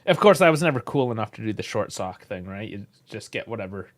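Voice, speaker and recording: A man's voice: fairly low pitch, sing-song, fast. A man from Canada, hosting a casual live match reaction, chatty and laid-back with frequent chuckles and casual swearing. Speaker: host.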